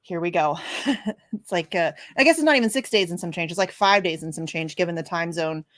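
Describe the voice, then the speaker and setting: A woman hosts a casual livestream show, chatty and self-deprecating, with frequent fillers and laughs, and she sounds a bit congested from sneezing. Her voice is on the low side, fairly quick, and slightly bright, captured in clean, dry studio sound.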